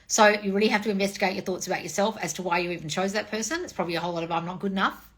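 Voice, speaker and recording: A woman in her forties, a dating and manifestation coach, chatting casually on a livestream with blunt, profane tough love and swooping high replies. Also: very fast. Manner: sweeping high "oh wonderful, darling" replies. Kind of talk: casual livestream chat reading comments.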